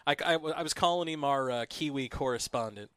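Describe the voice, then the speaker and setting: A man's voice: mid-range voice, a little fast, a bit bright, no room sound, clean studio sound. A man co-hosting a casual podcast, chatty and laughing, telling stories and quoting people. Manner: chatty, laughing, storytelling with quoted voices. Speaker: podcast co-host. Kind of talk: casual banter.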